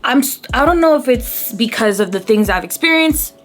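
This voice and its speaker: A woman's voice: on the high side, expressive, moderate pace, soft background music. A woman in her thirties talking casually to camera as a beauty vlogger, rambling and getting emotional as she goes. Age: 30s. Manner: chatty, rambling, easily emotional. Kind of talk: casual chat to camera while doing makeup.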